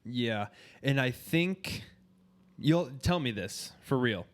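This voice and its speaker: A man co-hosting a casual podcast at an everyday middle pitch. He talks in a laid-back way and drops swear words freely as he chats with his friend. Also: animated, slow. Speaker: podcast co-host. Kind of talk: casual chat.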